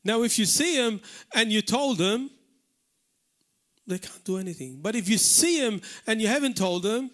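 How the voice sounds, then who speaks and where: With a high, slightly bright voice, a pastor from Malta preaches animatedly at a moderate pace during a live church service. His delivery is earnest and emphatic, with repeated words for emphasis.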